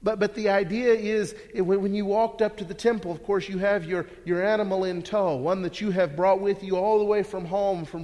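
A man's voice: high-pitched, a little mellow. A man preaching a sermon, earnest and full of rhetorical questions, often repeating words as he restarts. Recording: long hall reverb.

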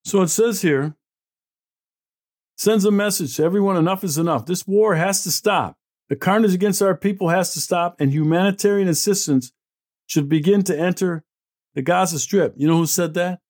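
A man's voice: high voice, moderate pace, darkish tone. A middle-aged man hosting an opinion show, reading out news and answering it in a blunt, indignant, sarcastic way. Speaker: host. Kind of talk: opinion commentary.

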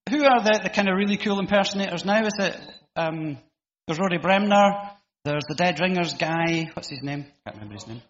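A man's voice: high-pitched, animated, brisk, a bit bright. A middle-aged man giving an informal sermon in church, chatty and self-deprecating, with frequent ums and restarts. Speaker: preacher. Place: church hall. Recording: echoey hall, slightly dull sound.

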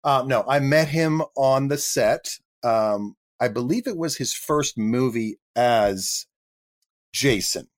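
A man's voice: mid-range voice, lively intonation, slow. A man in his fifties, a guest actor, telling career stories in a casual interview with a self-deprecating, chatty manner. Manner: chatty, self-deprecating, slips into quoted voices.

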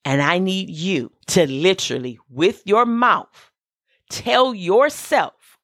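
Slow, emphatic woman minister on a podcast. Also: on the low side, animated, no room sound, studio quality. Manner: emphatic, repeats key phrases, gives direct instructions. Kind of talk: motivational podcast talk.

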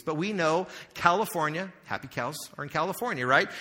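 A man's voice: fairly high pitch, animated, a little fast, bright, forceful tone. A male pastor preaching a sermon in a conversational way, asking the audience questions and making joking asides. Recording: long hall reverb.

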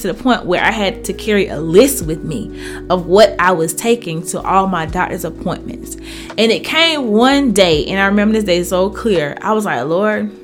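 A woman's voice: mid-range voice, a bit bright. A woman preaching fervently, reading scripture and sharing testimony with emphatic, direct address to her listeners. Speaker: Bible teacher. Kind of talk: Bible reading with preaching commentary.

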